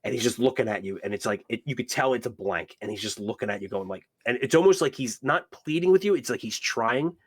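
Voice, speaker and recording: A man's voice: mid-range voice, expressive, quick pace, few pauses, breathy edge. A man narrating as game master, rambling and full of fillers.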